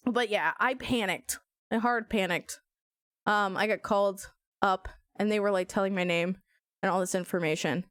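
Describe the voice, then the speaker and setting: Animated young woman streamer, dry close sound. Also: mid-range voice, normal speed, no room sound. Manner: animated, swearing, laughing storyteller. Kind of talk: casual storytelling while playing a game.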